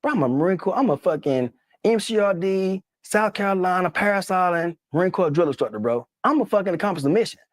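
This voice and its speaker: A man rattles off a story at a rapid clip, excitable and profane. He is a former Marine drill instructor, talking in loose, slangy street speech. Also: high-pitched, no room sound, clean studio sound. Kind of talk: animated storytelling.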